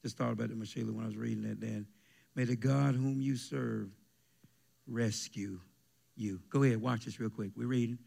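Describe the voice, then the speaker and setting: Gravelly-voiced pastor preaching, loud bursts, talks back and forth with the congregation. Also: male voice, mid-range voice, fairly even intonation, normal speed. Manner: preaching with call-and-response, bursts of shouting. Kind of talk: sermon. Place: church sanctuary with congregation.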